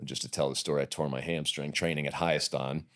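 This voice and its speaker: Deep-voiced middle-aged man telling stories. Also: steady tone, a little fast, fairly bright tone. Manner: profane, rambling anecdotes with restarts. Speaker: podcast guest. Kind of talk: casual interview storytelling.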